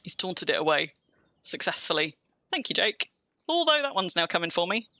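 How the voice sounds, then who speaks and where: A woman's voice: on the low side, very animated, bright, forceful tone, dry recording. A woman from England with a near-standard accent and a slight Kentish twang, chatting casually through a live-streamed game in a rambling, self-mocking way. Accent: near-standard English with slight Kentish twang. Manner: chatty, rambling, quick to laugh at herself.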